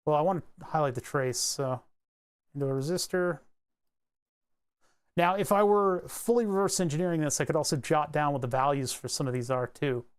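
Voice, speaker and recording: A man giving a casual electronics tutorial, thinking aloud as he traces a circuit board, rambling and joking and grumbling wryly about his software. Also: a little high, normal speed, smooth. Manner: rambling, joking, mutters while drawing. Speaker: electronics hobbyist explaining circuit tracing.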